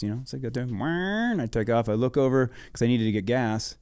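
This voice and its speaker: A man's voice: medium pitch, animated, fast talker, hardly any pauses, darkish tone, no echo. A middle-aged man telling a story in casual podcast chat, laid-back and swearing freely. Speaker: podcast guest, former motocross racer.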